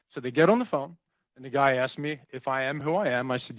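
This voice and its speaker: A man's voice: medium pitch, fast, dry recording, poor audio. Middle-aged man, executive introducing a panel; chatty, acts out quotes, dry sound. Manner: animated storyteller, acts out quoted voices. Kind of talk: conversational speech with anecdotes. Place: conference room.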